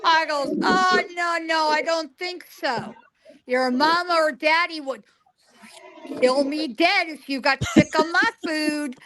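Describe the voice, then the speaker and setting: Heard over a remote call line in a low-quality recording, a high-voiced woman in her forties speaks slowly. As a guest psychic in an interview, she tells animated, emphatic stories, lively voicing the animals' lines as quotes.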